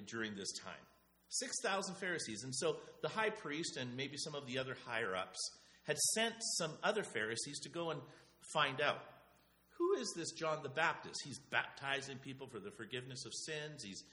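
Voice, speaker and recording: A man's voice: fairly high pitch, pushed and bright. A man preaching a sermon to his church in a conversational way, often repeating words and restarting sentences. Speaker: pastor.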